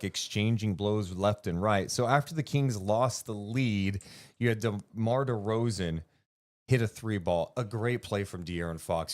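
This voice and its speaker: A man co-hosting a basketball podcast, talking through a game in animated, casual chat. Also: on the low side. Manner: animated, swings up when excited, swears casually.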